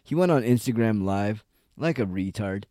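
Low dark male commentator, loose profane rant, dry close sound. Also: lively intonation, normal speed, dry recording. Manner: profane, rambling, heavy on "like" and "dude". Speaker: online commentator. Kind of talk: casual rant.

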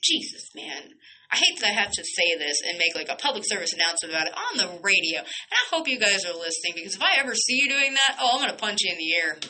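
A woman's voice: mid-range voice, very animated, fast, bright, forceful tone, poor audio. A young woman hosting a radio show, ranting bluntly and heatedly, swearing and firing off rhetorical questions. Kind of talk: heated solo radio rant.

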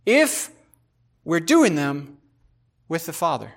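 A man hosting a podcast, talking in a casual devotional way, animated and speculative, often repeating himself for emphasis. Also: on the high side, slow pace, creaky. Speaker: podcast host.

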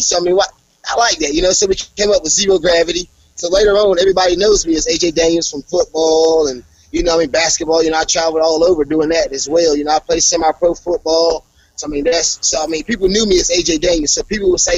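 A young adult man, a professional wrestler, talking casually in an interview and breaking into animated promo-style trash talk. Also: on the high side, fast, vocal fry, no room sound, dull audio. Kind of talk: casual interview over a call.

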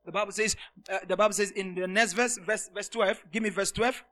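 A man preaches a sermon to his congregation, his voice sitting very high for a man. His tone is bright and forceful, and he repeats lines for emphasis. He jumps from loud, ringing shouts down to quiet, intimate asides. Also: fairly even intonation, fairly quick. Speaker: pastor.

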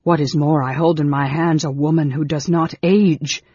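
A man's voice: fairly even intonation, normal speed, breathy edge, no room sound, highs cut off. A man doing a brooding whispering young mage. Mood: intense. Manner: low, hushed and intense, half-whispered. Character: frail young male mage, intense and brooding.

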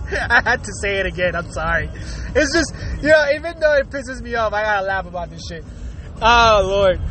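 This podcast host rants casually about whatever's on his mind, swearing a lot, using plenty of fillers and laughing often. His voice sits high, bright and forceful, with lively intonation at a moderate pace. There's slight background noise.

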